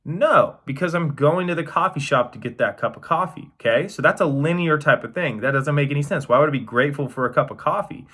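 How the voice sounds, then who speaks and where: A man's voice: a little high, fairly quick, hardly any pauses, fairly bright tone, slightly rough. A man coaching on metaphysics in a casual lecture, emphatic and repetitive, checking in with "right?" and swearing now and then. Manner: emphatic, repeats phrases, says "right?" often.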